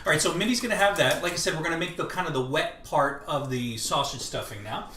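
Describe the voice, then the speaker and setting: Male cooking-show host, chatty and joking, bright tone, roomy kitchen sound from a distance. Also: on the high side, quick pace, slight background noise. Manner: chatty, joking, explaining steps. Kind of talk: live cooking show chat. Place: home kitchen. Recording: echoey kitchen, mic at a distance.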